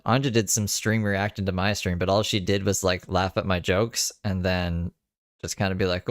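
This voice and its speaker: A man's voice: sits low, steady tone, normal speed, no echo, clean studio sound. A man giving casual, sarcastic commentary while reacting to another streamer's live broadcast, laughing often.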